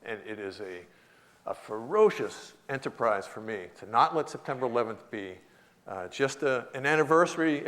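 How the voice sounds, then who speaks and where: An American man giving a storytelling lecture in a hall, animated, laughing often and shouting out quoted lines. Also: mid-range voice. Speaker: guest lecturer.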